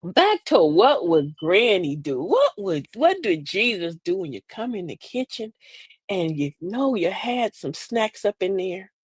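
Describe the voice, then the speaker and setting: Animated older woman, laughing and sassy. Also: medium pitch, measured pace, slightly rough, no echo. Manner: animated, laughing, sassy Southern-style asides. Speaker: host. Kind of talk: comic storytelling monologue.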